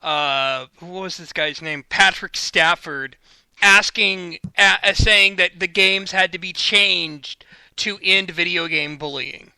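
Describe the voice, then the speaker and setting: Bright, crisp-voiced man on a podcast. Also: high voice, slow pace, no echo, poor audio. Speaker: podcast co-host. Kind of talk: casual chat.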